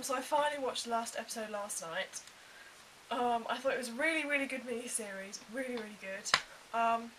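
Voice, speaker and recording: A young woman chatting casually to camera, animated and full of quick asides. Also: fairly high pitch, distant mic. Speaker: vlogger. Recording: faint hiss.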